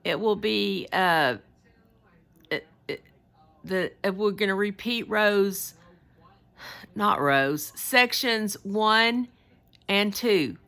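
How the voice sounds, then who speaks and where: A woman's voice: mid-range voice, animated, drawn-out words, long pauses, sharp tone. A woman with a Southern US accent, chatting in a rambling, folksy way to her viewers while she knits. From United States. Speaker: knitting vlogger. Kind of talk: casual chat while knitting.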